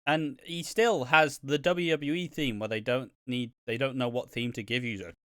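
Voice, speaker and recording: A man's voice: mid-range voice, sharp tone, dry recording, studio quality. A man co-hosting a wrestling podcast, chatting casually, swearing freely and laughing often. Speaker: podcast co-host. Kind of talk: casual wrestling review chat.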